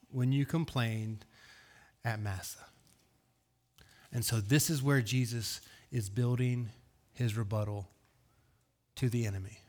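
A man's voice: mid-range voice, fairly even intonation, slow, pauses often. Earnest male pastor preaching. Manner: earnest, swings between hushed and raised delivery; asks rhetorical questions. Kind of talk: sermon.

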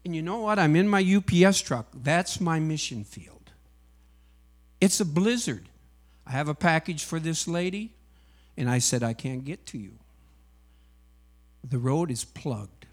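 A man's voice: fairly high pitch, animated, unhurried, long pauses. Man telling a faith testimony. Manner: storytelling, acting out dialogue, emotional. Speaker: UPS driver and missionary. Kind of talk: personal testimony.

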